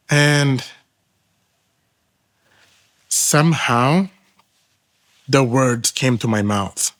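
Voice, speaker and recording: A man with a Thai accent speaks at a mid-range, ordinary pitch. His English is halting, with restarts along the way, and he sounds earnest as he tells a personal testimony, stepping into the other people's voices to act out the dialogue. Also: a bit bright. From Thailand. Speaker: testimony guest.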